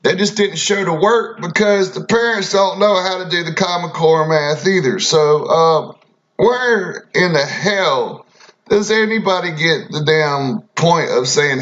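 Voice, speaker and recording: A man's voice: on the high side, a little slow, a bit bright, roomy sound. Guy on a radio show, cussing, rambling, blunt, kinda muffled lo-fi sound. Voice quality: profane, blunt, drawling. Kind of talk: casual rambling storytelling. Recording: dull lo-fi recording.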